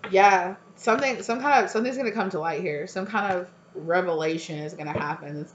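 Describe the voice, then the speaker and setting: A woman's voice: lowish voice, fast talker, roomy sound, muffled recording, a little hiss or hum. A woman giving a casual tarot reading to her viewers, talking loosely with lots of fillers and repeated words. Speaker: tarot reader.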